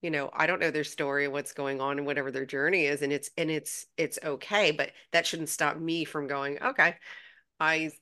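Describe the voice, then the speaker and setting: Woman co-host, deep-pitched and sharp-toned, sincere and reflective in conversation. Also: level tone, a little fast, hardly any pauses, clear, resonant tone. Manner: earnest, reflective, quoting her inner thoughts. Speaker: podcast co-host. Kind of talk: casual conversational chat.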